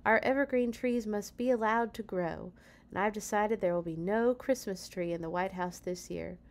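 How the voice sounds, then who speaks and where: A woman's voice: mid-range voice, moderate pace, lightly acted. A woman reading as a firm, earnest president and father. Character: playful, earnest adult male president and father.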